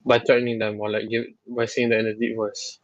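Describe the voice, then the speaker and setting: A man's voice: fairly low pitch, monotone, brisk, dry recording, muffled recording. A man co-hosting a podcast in casual chat, rambling and teasing his friends with frequent laughter. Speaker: podcast co-host.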